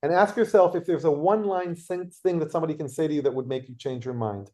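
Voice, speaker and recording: Man leading a workshop, mellow voice. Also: fairly high pitch, fast. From Israel. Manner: lively anecdotes with acted quotes. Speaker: workshop leader. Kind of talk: workshop talk with storytelling.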